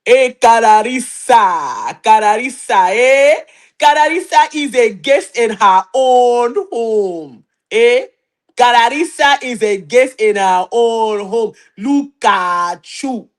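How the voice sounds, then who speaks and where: A woman's voice: a little high, animated. A woman putting on a mocking accented auntie. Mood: teasing. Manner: drawn-out teasing, repeating phrases slowly.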